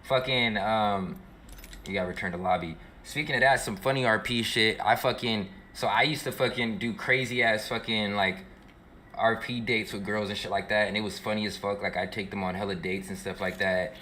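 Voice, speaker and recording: A man's voice: on the low side, fairly even intonation, normal speed, bright, forceful tone, slight background noise. A young male streamer telling a long story in a slangy, profane, rambling way while he plays. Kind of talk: casual storytelling while gaming.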